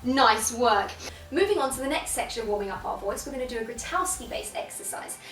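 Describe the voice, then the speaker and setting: A young British woman with a fairly high voice leads a drama warm-up, upbeat and instructive. She sits back from the mic in an echoey room. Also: expressive, a little fast, recorded from a distance, faint music behind. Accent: British English. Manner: upbeat, instructive, playful vocal sounds. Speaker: drama teacher. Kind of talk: guided warm-up lesson.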